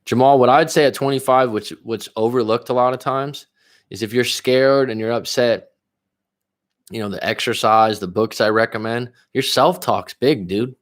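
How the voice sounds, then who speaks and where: A man's voice: mid-range voice, moderate pace. A man coaching viewers on a livestream, reading their comments aloud and answering them bluntly, with frequent swearing. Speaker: relationship coach.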